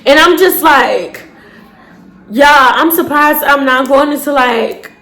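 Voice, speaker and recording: A young woman, telling a dramatic storytime to her viewers with shouted bursts and cursing. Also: high-pitched, slow pace. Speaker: storytime vlogger. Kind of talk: casual storytelling to camera.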